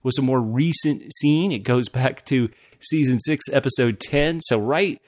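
A man co-hosting a casual fan discussion show, animated and laughing often, restarting his phrases as he talks. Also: medium pitch, unhurried, dry recording, studio quality. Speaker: podcast co-host.

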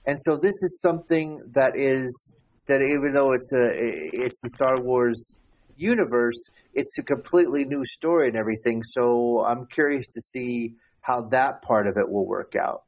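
A man co-hosts a podcast in loose, casual conversation. He speaks haltingly, often repeating words and restarting his sentences. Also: medium pitch. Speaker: podcast co-host.

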